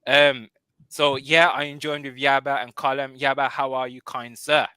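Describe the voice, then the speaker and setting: Lively man hosting a fan show. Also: medium pitch, normal speed, clean tone, no room sound. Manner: lively, openly frustrated greetings. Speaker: host. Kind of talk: livestream football fan show.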